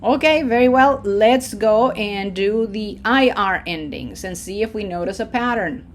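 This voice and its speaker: A woman teaching a language lesson, modeling words slowly for repetition and checking in with frequent "okay?". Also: medium pitch, slight background noise. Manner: patient, drawn-out model phrases for repetition. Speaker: Spanish teacher. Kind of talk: slow pronunciation lesson.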